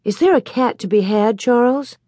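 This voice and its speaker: A woman doing a brisk pioneer mother. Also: fairly high pitch, dark tone, no room sound, voice pushed up, close to an everyday voice.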